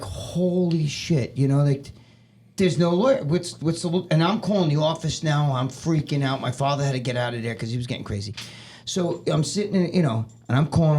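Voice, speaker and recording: Profane, animated man telling a story. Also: on the high side. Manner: profane, animated, acts out other people's lines. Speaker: podcast guest. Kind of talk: casual storytelling.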